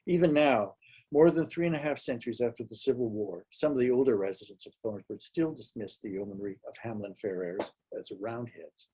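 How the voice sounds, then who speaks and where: A man reading his own fiction aloud at a live literary event in a small hall, measured and dryly wry. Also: mid-range voice, mellow, breathy edge.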